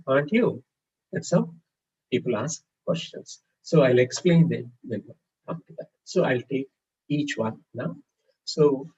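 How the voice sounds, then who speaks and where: A man teaching a live grammar class, patiently repeating example sentences. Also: a little high. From India. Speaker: English teacher. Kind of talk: live online grammar lesson. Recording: distant, dull-sounding mic with faint background hiss.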